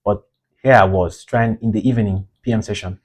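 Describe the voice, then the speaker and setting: A man's voice: lowish voice, steady tone, brisk. A man reviewing his own trades in a casual, rambling way, frustrated and scolding himself for his mistakes.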